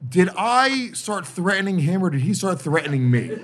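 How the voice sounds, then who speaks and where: A man telling a story in a casual comedy podcast, animated and swearing freely, often restarting his sentences. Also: sits high, moderate pace. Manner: animated, profane, repeats himself.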